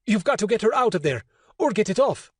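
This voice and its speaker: Panicky, swearing captain, pitched up and pushed loud, done by a male narrator. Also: sing-song, fairly quick, breathy edge, dry recording, studio quality, heavily acted. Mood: desperate. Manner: anxious, cursing. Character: frantic, foul-mouthed male ship captain.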